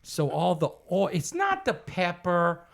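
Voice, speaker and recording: A man, a podcast guest and comedian telling a comic story in a lively, drawling way. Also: high-pitched, a little slow. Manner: lively, drawling storyteller who acts out other people's voices.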